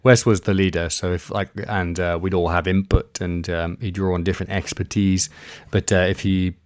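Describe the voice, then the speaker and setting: A man with a very low voice tells expedition stories in a loose, rambling way, full of fillers and restarts. The sound is dry and close, with no room around him. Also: flat delivery, normal speed, no room sound. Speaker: guest, expedition kayaker. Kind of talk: casual interview storytelling.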